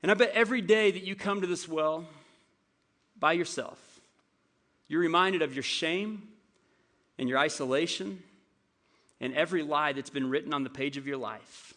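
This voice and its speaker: A man voicing Jesus, kind and gently teasing, close to his own speaking voice. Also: on the high side, normal speed, long pauses, close to an everyday voice. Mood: gentle. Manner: kind, with a hint of sarcasm.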